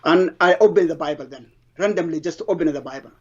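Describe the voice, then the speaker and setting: Middle-aged guy telling his testimony, slightly high voice, halting and earnest, dull lo-fi sound. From Somalia. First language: Somali. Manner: halting, earnest storytelling with broken English grammar. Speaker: interviewee giving a testimony. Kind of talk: personal conversion testimony.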